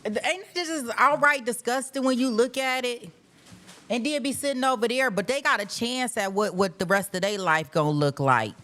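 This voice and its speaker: With a slightly high, somewhat bright voice at a moderate pace, a woman who hosts live trial coverage rants in heated, casual fashion. Exasperated and emphatic, she swears and keeps saying "how dare you."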